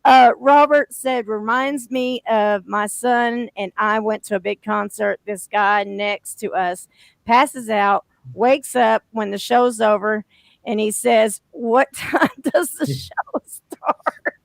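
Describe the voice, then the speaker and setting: A woman hosting a podcast, chatting loudly with a laugh and reading out viewer comments. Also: mid-range voice, steady tone, takes it slowly, creaky, no echo. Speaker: podcast host. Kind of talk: casual chat.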